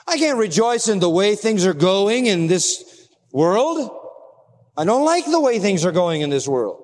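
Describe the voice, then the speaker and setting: High-voiced preacher in a reverberant hall. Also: male voice, sing-song, a little slow. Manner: emphatic preaching with rhetorical questions. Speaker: pastor. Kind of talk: sermon.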